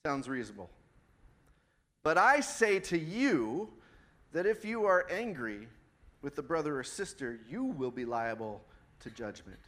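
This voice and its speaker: A man's voice: on the high side, big pitch swings, measured pace, long pauses, fairly bright tone. A middle-aged man preaching a sermon in a conversational way, asking the congregation questions. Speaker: pastor. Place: church before a congregation.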